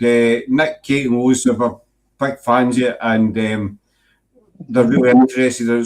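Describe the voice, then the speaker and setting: A middle-aged Scottish man hosting a casual paranormal chat show, teasing and laughing often. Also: mid-range voice. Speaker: podcast host.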